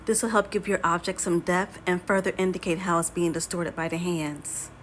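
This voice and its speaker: A woman hosting a drawing tutorial and reading a storybook aloud, calm and instructive. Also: lowish voice, moderate pace, a little hiss or hum.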